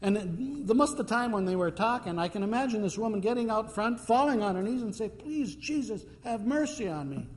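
A male preacher tells his stories in a relaxed, chatty way, often pausing with fillers. His fairly high voice carries a long hall reverb, as if he is speaking in a church. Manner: conversational storytelling with fillers. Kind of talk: sermon.

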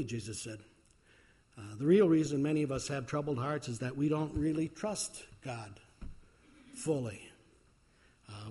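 A man as pastor, preaching a sermon in a folksy way with frequent fillers. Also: a little high.

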